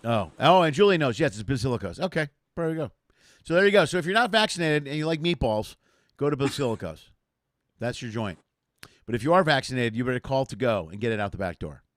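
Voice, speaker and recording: A man's voice: medium pitch, sing-song, fast talker, no room sound, studio quality. A man from the area, a comedian hosting a casual live chat show and rambling jokily. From Chicago area. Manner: rambling, jokey, self-deprecating.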